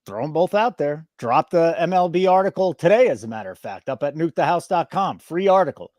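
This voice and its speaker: A man's voice: fairly high pitch, lively intonation, brisk, a little mellow, no echo, clean studio sound. A man hosting a sports betting show, joking and mock-indignant in casual banter.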